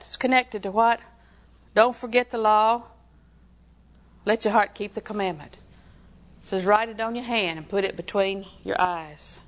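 A woman preaching a sermon in a folksy, emphatic way, often putting questions to her listeners. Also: medium pitch.

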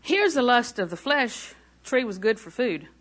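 A woman in her sixties preaching a sermon, repeating phrases for emphasis and moving between quiet asides and loud declarations. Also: on the high side, sing-song, measured pace.

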